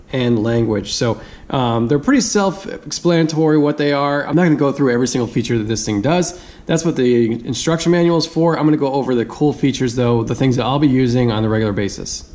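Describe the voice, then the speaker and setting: A man's voice: medium pitch, darkish tone. A man giving a casual hands-on product review, chatty, thinking aloud and laughing easily.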